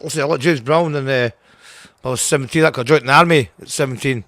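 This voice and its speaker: A man's voice: mid-range voice, fast, a bit bright. Blunt Scottish man in his sixties. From Scotland. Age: 60s. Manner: blunt, swears a lot, restarts sentences. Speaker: guest punk singer. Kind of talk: casual interview.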